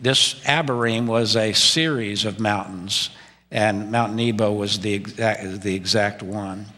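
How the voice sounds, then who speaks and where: Retiring pastor in a reverberant church. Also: male voice, on the low side, fairly even intonation, a little slow, sharp tone. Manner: conversational, with frequent "uh" fillers. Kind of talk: sermon with scripture reading. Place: church sanctuary. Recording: long church hall reverb.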